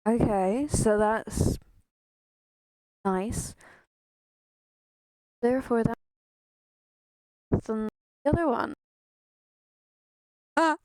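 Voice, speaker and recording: During a casual gaming stream, a woman talks into a headset mic close to her face that picks up her breath; she's exasperated, self-mocking, and swears a lot. Her voice is fairly high, animated, and mellow, yet extremely slow with long pauses. There's no room sound.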